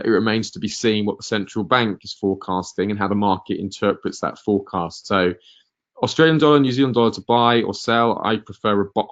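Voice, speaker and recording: A man with a lowish voice leads a live trading webinar, fielding viewer questions. He talks in a halting way, filling pauses with ums and uhs and restarting phrases. His voice comes through a computer mic with dull, lo-fi sound. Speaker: market analyst hosting a webinar.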